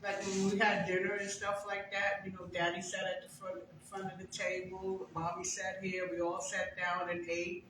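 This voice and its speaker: A woman's voice: medium pitch, monotone, normal speed, few pauses, fairly bright tone, a little hiss or hum. An older woman giving a conversational personal testimony as a guest speaker, telling stories with emphasis. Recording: very echoey room, far from mic.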